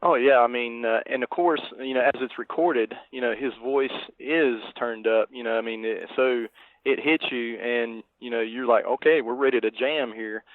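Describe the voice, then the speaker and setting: A man's voice: mid-range voice, normal speed, no room sound. Man on a tinny phone-like line. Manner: meandering, hesitant. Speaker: podcast cohost. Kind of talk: casual chat.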